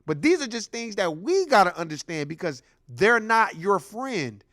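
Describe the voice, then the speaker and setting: A man's voice: sits high, very animated, normal speed, fairly bright tone, dry recording, studio quality. A man hosting a commentary show, ranting bluntly and heatedly, telling stories with acted-out quotes. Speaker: host.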